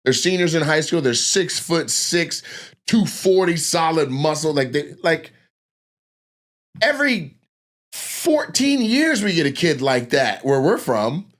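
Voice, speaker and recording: Male, 30s, stand-up storyteller; profane, animated, slips into voices. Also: on the high side, unhurried. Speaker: comedian telling stories. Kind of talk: casual storytelling.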